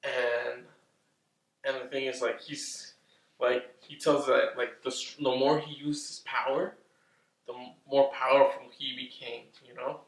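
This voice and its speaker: A man casually recapping a film's plot, rambling, swearing often and getting excitable. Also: mid-range voice, a little slow. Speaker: movie reviewer. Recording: roomy, distant from the mic.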